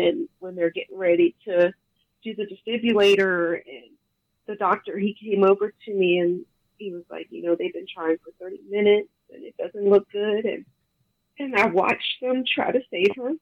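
A woman, a bereaved mother, telling the story of her daughter's death haltingly as a guest in an interview. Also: medium pitch, no room sound. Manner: halting, emotional, quotes others often. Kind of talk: emotional personal account. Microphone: phone. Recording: tinny phone line.

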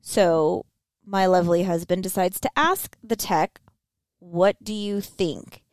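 A woman's voice: lowish voice, slow pace, dry recording. A woman co-hosting a podcast, telling a story in a teasing, chatty way and addressing listeners as y'all. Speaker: podcast co-host. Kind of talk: casual chat.

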